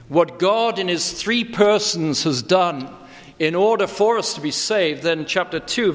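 A man preaching an expository sermon, measured and deliberate, leaning on emphatic words. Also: on the high side, long reverb tail. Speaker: pastor.

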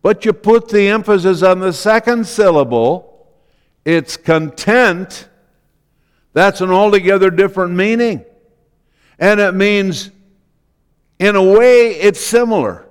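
A man preaching a sermon as pastor, slow and deliberate, repeating key phrases for emphasis. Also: high-pitched, clear, resonant tone, big-room sound.

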